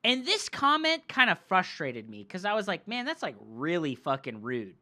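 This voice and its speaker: A man's voice: high-pitched, wildly swooping pitch, normal speed, sharp tone. A male game streamer telling a story in a heated, profane rant, full of "like" and "right?". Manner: fillers like "like" and "right?". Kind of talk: ranting storytime chat.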